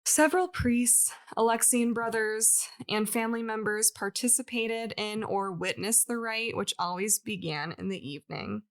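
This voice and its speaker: A woman's voice: fairly high pitch, normal speed, few pauses. A woman co-hosting a podcast, telling a story in casual chat with frequent laughs and fillers. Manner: chatty, laughs often, many likes. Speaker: podcast co-host.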